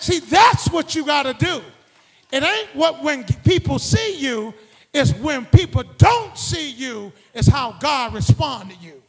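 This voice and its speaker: A male preacher whose unusually high voice carries a gravelly, fry-laced texture. He rides the room in call-and-response, sliding from hushed asides up to shouted exhortations. The sound hangs in a long reverb, as in a large church hall. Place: church sanctuary.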